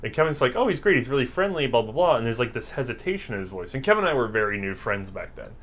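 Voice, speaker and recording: A man from the American South telling stories in casual chat, animated and acting out the quotes, laughing often. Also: medium pitch, racing.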